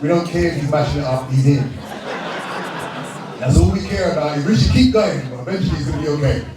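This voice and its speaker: Joking British emcee working a hall crowd. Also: male voice, fairly high pitch, fast. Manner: joking, laughing, shouting out to the crowd. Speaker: awards night host. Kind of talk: live crowd-work emcee banter. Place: large indoor event hall with a live crowd. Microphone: handheld microphone. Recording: echoey hall, distant mic, crowd noise.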